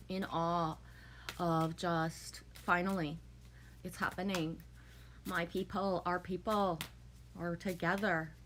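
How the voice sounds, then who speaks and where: A woman's voice: on the low side, fairly bright tone, a little hiss or hum. A woman hosting a casual livestream, reading out and answering her viewers' comments in a chatty, emotional way. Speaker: livestream host. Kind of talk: casual chat with a live audience.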